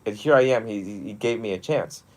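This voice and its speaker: A young adult man, a monastic teacher, talking one on one in a lively storytelling way with frequent laughs. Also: on the low side, a little fast. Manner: animated storytelling, often laughing. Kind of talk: one-on-one mentoring talk.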